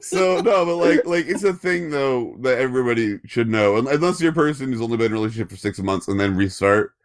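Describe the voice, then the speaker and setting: A young man co-hosts a podcast in a fast, animated, medium-pitched voice. His casual chat rambles along, full of filler words and profanity.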